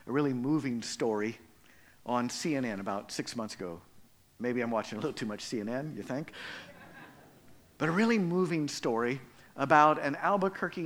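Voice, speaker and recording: A man preaching a sermon, swinging between loud emphatic lines and quiet, soft ones. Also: medium pitch. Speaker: pastor.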